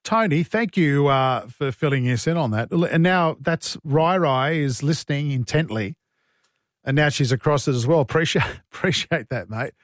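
A man's voice: a little high, normal speed, no room sound, studio quality. A man with an Australian accent hosting morning talkback radio, chatty and jovial, laughing easily. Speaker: radio host. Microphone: studio mic.

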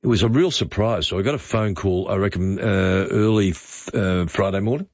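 A very low-voiced Australian man hosting talkback radio, reminiscing in a halting way full of ums and uhs. The sound is close and dry, with dull, muffled broadcast audio. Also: darkish tone, no echo. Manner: reminiscing, hesitant with many fillers. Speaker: radio host. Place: radio studio.

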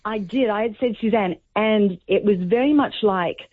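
A woman's voice: mid-range voice, normal speed. A woman telling a story on a radio phone-in, acting out the lines of a conversation as she goes. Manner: chatty storyteller, acts out quoted dialogue. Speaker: caller. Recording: tinny phone line.

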